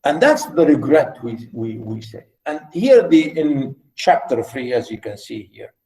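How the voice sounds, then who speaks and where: A man's voice: mid-range voice, sing-song, unhurried, warm tone, roomy sound, low-quality recording. A man teaching literature, explaining a novel to his class with theatrical readings. He swings from mutters to exclamations. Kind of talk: class lecture with dramatic readings.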